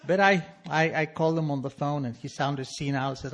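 A man in his sixties telling a personal recovery story to an audience in an animated, wry, emphatic way. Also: a little high, a little fast, a little hiss or hum. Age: 60s. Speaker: speaker sharing a recovery story.

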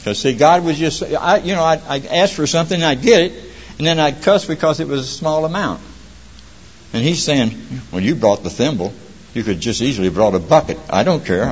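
Older man, folksy joking storyteller at a recovery meeting, heard in a dull, echoey hall recording. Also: medium pitch.

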